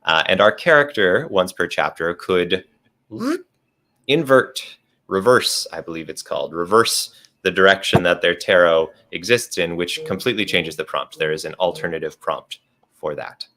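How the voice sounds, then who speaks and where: A man's voice: low voice, normal speed, sharp tone. A man casually explaining tabletop game rules on a livestream, step by step and with restarts.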